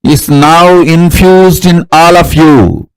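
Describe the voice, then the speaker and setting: Man, guided meditation, measured commands, slightly high voice. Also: clear, resonant tone, poor audio. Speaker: spiritual teacher.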